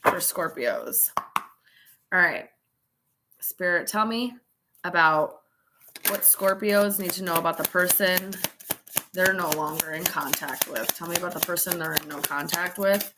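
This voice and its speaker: A woman's voice: lowish voice, normal speed, very noisy. A tipsy woman giving a casual live tarot reading, chatty and laughing, with swearing and dramatic asides. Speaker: tarot reader.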